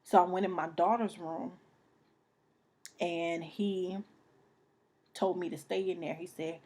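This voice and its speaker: A young woman tells her own story straight to camera in an unhurried, low-pitched voice. Her delivery is halting and emotional, full of repeated phrases and restarts, and at times she drops almost to a whisper. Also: fairly even intonation, darkish tone, husky. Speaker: vlogger telling a personal story.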